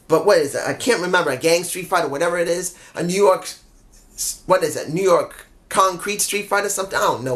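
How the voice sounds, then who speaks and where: A man's voice: high-pitched, fairly quick, a bit bright. Rambling, exasperated man reviewing wrestling. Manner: rambling, off-the-cuff, exasperated asides. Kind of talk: casual solo review.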